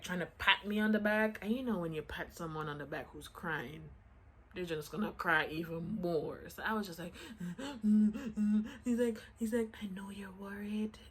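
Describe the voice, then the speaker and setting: A woman with a slightly low voice chats through a personal storytime for her viewers. She keeps slipping in little "I'm like" asides to act out the conversations, with a faint hiss under the recording. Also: a bit bright. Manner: chatty, acts out quotes with "I'm like" asides. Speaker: vlogger telling a story. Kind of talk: casual storytime chat.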